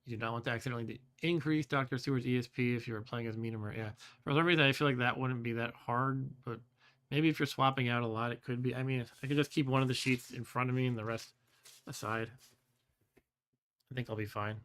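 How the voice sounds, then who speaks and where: Speaking quickly and smoothly in a mid-range voice, a forties-aged man chats casually on a live stream while reading a gamebook aloud as himself. He's laid-back and talkative, often chuckling and tripping over foreign words.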